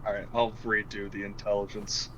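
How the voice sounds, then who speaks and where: A man's voice: on the low side, little pitch movement, brisk, a bit bright, slight background noise, rough recording. A man playing a tabletop game, chatting loosely and swearing casually. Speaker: player.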